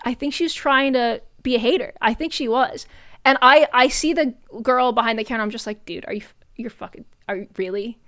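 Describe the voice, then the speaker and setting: A young adult woman streamer telling a story in casual chat, animated, swearing often and laughing between lines. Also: high-pitched, dry recording, studio quality.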